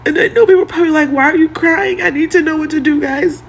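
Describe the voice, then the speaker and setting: A woman's voice: high-pitched, fast talker, gravelly. A single mother pleading for help, upset and close to tears. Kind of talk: tearful phone video.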